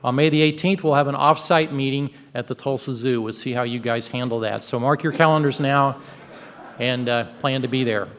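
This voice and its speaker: A man's voice: mid-range voice, fairly even intonation, moderate pace, a bit bright. A man, the club president, giving upbeat, joking announcements at a meeting. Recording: long reverb of a large hall.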